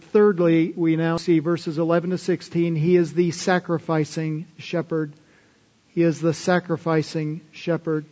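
High-voiced slow preacher in a reverberant hall. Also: male voice. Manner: swings between loud emphatic declaration and hushed tender asides. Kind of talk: sermon. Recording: dull live sermon recording with long hall reverb.

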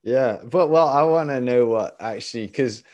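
A man talking casually with a fellow hiker, relaxed and laughing between phrases. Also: mid-range voice, moderate pace, no room sound, highs cut off. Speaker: fellow hiker, conversation partner. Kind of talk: casual chat.

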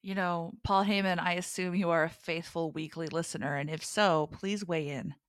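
A woman's voice: fairly low pitch, steady tone, normal speed, smooth, dry recording, studio quality. A woman co-hosting a casual podcast chat, playful and enthusiastic, laughing often. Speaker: podcast co-host.

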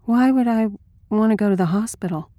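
A woman's voice: fairly high pitch, steady tone, slow, mellow, no echo, pitched above the performer's own voice. A woman reader voicing a dazed, frightened young woman with a faraway voice.

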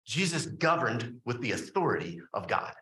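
A man preaching a sermon, lively and conversational, with frequent fillers and questions to the congregation. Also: medium pitch, moderate pace, echoey room, rough recording. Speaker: pastor.

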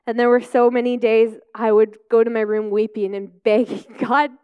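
A woman's voice: on the high side, flat delivery, normal speed, clear, resonant tone, dry recording, highs cut off. A woman in her thirties, a Christian speaker and mother, giving a candid, rambling personal faith testimony full of "like" and "you know.".

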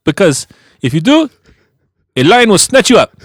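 A man's voice: high voice, sing-song, normal speed, no echo, clean studio sound, voice pushed up. A man voicing a male safari guide with a put-on African accent, giving mock-stern warnings. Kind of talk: joking impression in casual chat. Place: podcast studio.

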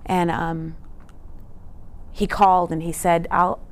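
A woman with a medium-pitched voice, speaking at a moderate pace, gives a teaching talk. She's earnest, emphatic and conversational, often tossing in a rhetorical "right?"

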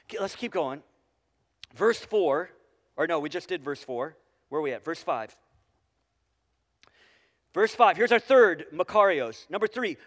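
High-voiced preacher in a reverberant church. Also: male voice, very animated, normal speed, fairly bright tone. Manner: conversational, with frequent restarts and tag questions. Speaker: pastor. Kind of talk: sermon. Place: church sanctuary with congregation.

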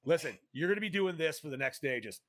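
Excitable swearing man hosting a podcast. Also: fairly high pitch, quick pace, dry recording, clean studio sound. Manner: excitable, swears often, says dude a lot. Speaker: podcast host. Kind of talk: casual movie-review podcast chat.

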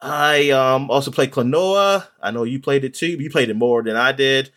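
A man's voice: mid-range voice, normal speed, fairly bright tone. A man chatting casually in a podcast, rambling with many ums and restarts. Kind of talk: casual chat about video games.

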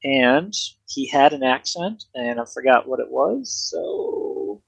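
A man's voice: medium pitch, lively intonation, slow pace, vocal fry, slightly rough, dry recording, muffled recording. Laid-back man running a tabletop game. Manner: laid-back, laughing, swears casually. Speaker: game master. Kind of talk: casual tabletop narration.

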